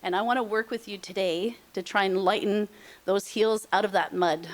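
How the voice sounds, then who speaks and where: A woman's voice: mid-range voice, steady tone, normal speed. A middle-aged woman presenting on aging and senior housing, speaking emphatically and repeating her points, openly emotional. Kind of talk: heartfelt motivational talk.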